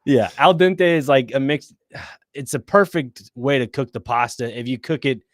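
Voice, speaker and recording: A man's voice: medium pitch, normal speed. A man on a radio show, earnestly and carefully explaining how he cooks. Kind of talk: casual radio chat. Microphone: studio mic.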